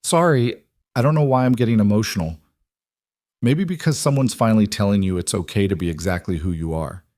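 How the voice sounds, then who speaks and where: A man doing a young woman doctor, guarded but earnest, speaking softly from a storybook. The voice sits low, the delivery sincere, and the sound is close and dry with no room around it. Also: a little fast, no room sound, close to an everyday voice. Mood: emotional.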